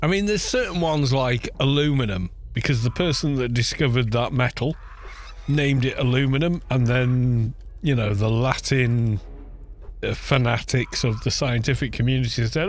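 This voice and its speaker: A man's voice: mid-range voice, moderate pace, slight background noise. A British man chatting casually and laughing often while live-streaming a game, teasing how words are pronounced. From Britain. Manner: chatty, amused, laughs often, mocking put-on pronunciations.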